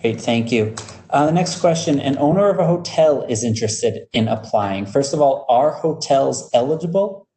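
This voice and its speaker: A man with a warm, mellow voice hosts a webinar question round. He reads out viewers' questions in a friendly way, with frequent ums and restarts. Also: mid-range voice, lively intonation, normal speed, few pauses, low-quality recording. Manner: affable, reading out questions with fillers. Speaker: webinar moderator. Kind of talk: moderating a webinar Q&A.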